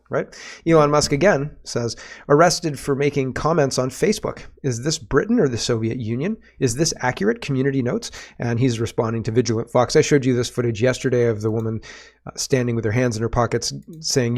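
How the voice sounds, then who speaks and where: Male podcast host, mid-pitched, sardonic and emphatic, reading and reacting to posts. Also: normal speed. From Canada. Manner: sardonic, emphatic, rhetorical questions. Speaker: political commentary host.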